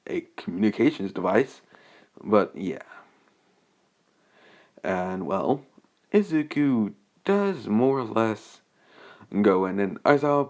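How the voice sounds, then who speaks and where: Young man, low-ish voice, unscripted fan story recap, hesitant, rambling delivery. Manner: rambling and hesitant, many restarts and fillers.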